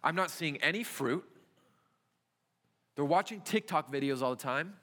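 Youth pastor preaching in a reverberant hall. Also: male voice, a little high, expressive, measured pace, a bit bright. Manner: conversational preaching with rhetorical questions. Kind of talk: sermon. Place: church sanctuary.

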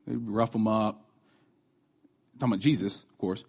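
A man's voice: lowish voice, fairly even intonation, normal speed, darkish tone, husky. A man in his thirties giving a casual, conversational sermon, chatty, with restarts and asides. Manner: acts out quoted voices. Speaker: preacher.

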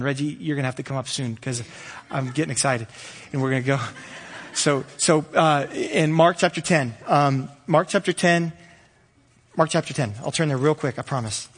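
A man preaching a sermon with energy, rising loud and high when animated. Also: long reverb tail. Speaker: pastor.

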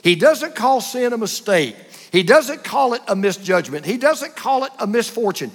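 A male pastor with a high voice preaching with emphasis, hammering home his points through repetition and blunt contrasts. His voice rings out with a long reverb, as in a large church sanctuary. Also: very animated, normal speed, husky. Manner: emphatic, repeats points, uses a punchy joke and short contrasts. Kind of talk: sermon.

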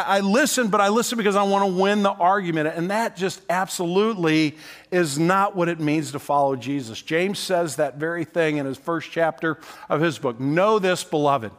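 A man's voice: sits high, a bit bright. A man preaching a sermon, talking to his congregation in a conversational way, often asking "right?" and repeating words as he goes. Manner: repeats words while he speaks. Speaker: pastor.

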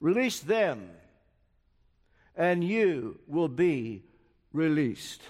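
Preacher putting on an older romanian-accented guy, stern and slow, higher than his own voice, big echoey hall. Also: very animated, a little mellow, full character voice. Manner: slow, emphatic, solemn. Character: stern older male friend giving hard counsel. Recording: reverberant hall.

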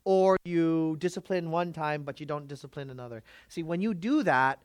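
A man's voice: fairly high pitch, normal speed, smooth, no room sound. A man of Filipino background preaching a sermon, emphatic and full of rhetorical questions to the congregation. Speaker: pastor.

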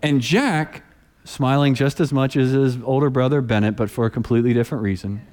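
Preaching with long reverb trailing after each line, this man in his thirties speaks at a medium pitch and a fairly quick clip. He's a pastor who narrates stories and acts out the characters, voicing quoted people with animation.

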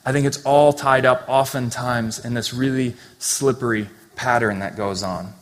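A man delivering a sermon with an earnest, conversational manner, breaking off now and then to speak plainly to his listeners. His voice sits at an ordinary middle pitch. The sound carries the long reverb of a large hall. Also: steady tone, normal speed. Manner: conversational, earnest preaching with asides. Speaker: pastor. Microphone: handheld or stand mic.

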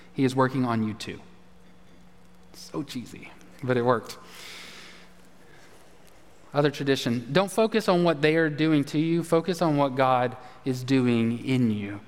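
A man, a pastor preaching a folksy, conversational sermon with asides. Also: high-pitched. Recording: reverberant church hall.

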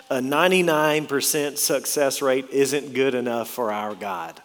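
Brief: male pastor, mid-pitched voice, earnest sermon delivery with slow stressed key words, long hall reverb. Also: steady tone. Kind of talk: sermon with scripture reading.

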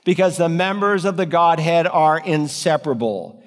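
A man's voice: fairly high pitch, animated, normal speed. Man preaching in a reverberant hall. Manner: earnest preaching with sweeping shifts in pace and emphasis. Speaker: pastor. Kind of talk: sermon.

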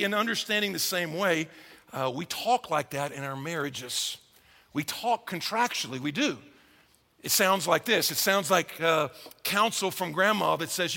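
Animated high-voiced man preaching in a hall. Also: normal speed, creaky. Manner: animated, acts out quoted voices. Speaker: pastor. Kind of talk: sermon.

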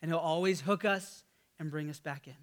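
A man's voice: fairly high pitch, moderate pace. A man in his thirties, a pastor, preaching a sermon in a conversational storytelling way, with fillers and restarts.

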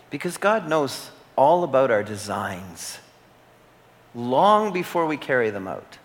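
This male pastor preaches with earnest intensity, repeating phrases and letting weighty pauses hang. His medium-pitched voice has a sing-song lilt, and a long reverberant hall tail trails after his words.

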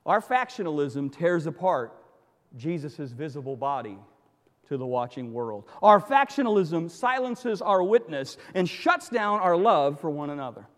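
A man's voice: on the high side, sing-song, a little slow, fairly bright tone, long reverb tail. A man preaching a sermon as pastor, emphatic, with repeated phrases and rhetorical questions.

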